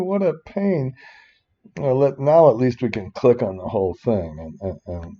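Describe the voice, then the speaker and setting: A man's voice: low voice, dark tone. Rambling older man teaching on a muffled recording. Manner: rambling, self-interrupting, exasperated asides. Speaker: instructor. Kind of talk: rambling screen-recorded spreadsheet tutorial.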